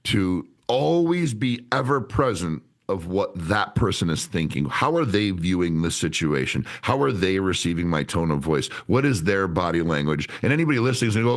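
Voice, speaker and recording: A man with a notably deep, low-pitched voice, speaking as a guest on an interview podcast. He talks bluntly and with energy, swears without hesitation, and explains things in a direct, plain-spoken way. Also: moderate pace, hardly any pauses. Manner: blunt, animated, swears freely. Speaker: sales trainer, podcast guest. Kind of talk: candid interview talk.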